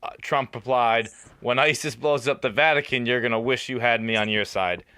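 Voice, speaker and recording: A man hosting a casual news rundown, introducing stories with offhand, deadpan segues. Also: medium pitch, normal speed, clear, resonant tone, no echo, studio quality. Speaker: show host reading out news items.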